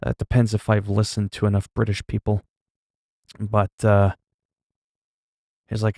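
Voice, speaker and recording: A man's voice: on the low side, completely flat delivery, a little slow, creaky, pauses often, dark tone. A male streamer chatting casually while playing a game, laid-back and rambling, with plenty of swearing. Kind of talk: casual gaming livestream chat.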